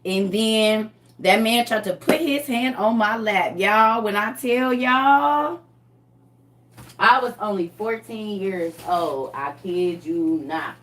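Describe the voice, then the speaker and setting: Woman vlogger telling a story to viewers, animated and emphatic, with a bright, punchy voice. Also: medium pitch, slow pace. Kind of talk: casual storytelling.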